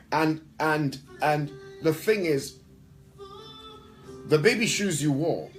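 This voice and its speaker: A man's voice: medium pitch, rough recording. A man who is a worship leader and pastor, answering in an interview with emphatic, preacher-like talk and repeating phrases for stress.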